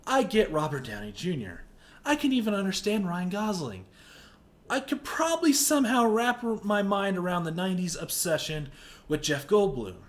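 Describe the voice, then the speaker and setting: Guy ranting in a movie review vlog, high voice, over the top, yells sometimes. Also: sing-song, normal speed. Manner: exaggerated, indignant, shouts at times.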